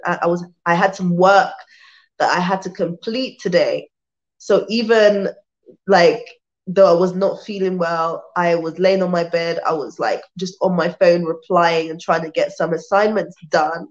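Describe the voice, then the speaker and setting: A woman with a British accent talks her way through viewer comments in a loose, rambling live-stream chat, restarting her sentences often. Her voice sits fairly low and sounds worn out. The sound is dull and lo-fi. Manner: chatty and rambling, with many restarts and fillers. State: tired, worn out.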